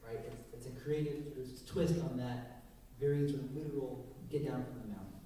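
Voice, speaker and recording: A man, a rabbi leading a text study with questions, animated and acting out quotes, recorded from a distance in a synagogue hall. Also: on the high side, a little fast. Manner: animated, acts out quotes with rising voice. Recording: echoey room, recorded from a distance.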